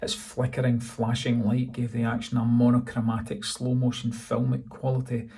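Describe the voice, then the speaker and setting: Scottish guy reading his own novel, gravelly, dark tone, pretty flat delivery. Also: mid-range voice, normal speed. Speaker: author narrating his novel. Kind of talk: audiobook narration.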